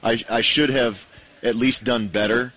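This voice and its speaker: A man's voice: mid-range voice, steady tone, measured pace, fairly bright tone, rough recording. A man co-hosting a sports radio show, making dry, wry comments in casual banter. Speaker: radio co-host.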